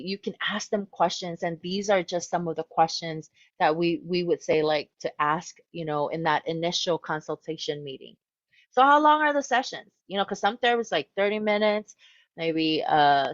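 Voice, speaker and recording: A woman's voice: medium pitch, no room sound. Chatty woman counselor, dull lo-fi sound. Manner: conversational, relaxed, often voicing what a client might think. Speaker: mental health counselor. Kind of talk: presenting a webinar.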